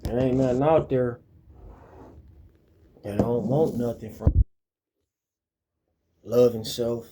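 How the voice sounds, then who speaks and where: A man's voice: medium pitch, takes it slowly, pauses often, mellow, a little hiss or hum. A man delivering a profane, confrontational monologue that keeps repeating the same challenging question.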